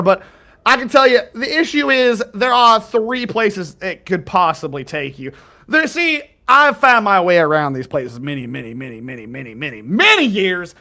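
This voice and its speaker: A jovial, tipsy skeleton guide, put on by a man running a tabletop game, rambling in a folksy drawl and chuckling to himself. The voice sits high and bright, with a forceful edge. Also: heavily acted. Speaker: game master.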